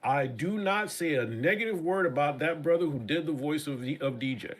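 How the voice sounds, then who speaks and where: A man's voice: fairly high pitch, a little fast, a crowd in the background. A man as a guest on a casual live-stream chat show, ranting passionately with many repeats and profanity.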